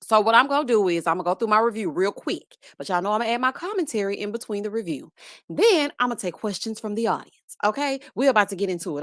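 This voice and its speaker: A woman hosting a live-streamed reality TV review, lively and chatty, calling out "child" and "honey" as she greets viewers by name. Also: medium pitch, dry recording, studio quality. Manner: sassy, says "child" and "honey". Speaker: host.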